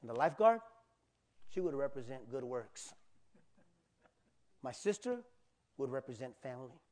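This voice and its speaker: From the church pulpit, a male pastor shares a personal anecdote, acting out cries animatedly and addressing asides to the congregation. Both his pitch and his pace are moderate.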